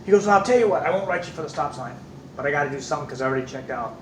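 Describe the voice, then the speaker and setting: A middle-aged man from California, an instructor who tells lively stories in class, acting out voices and swearing casually. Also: on the high side, rapid-fire, a little hiss or hum. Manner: animated storyteller, acts out voices, swears casually. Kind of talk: anecdotes in a class. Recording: echoey room, distant mic.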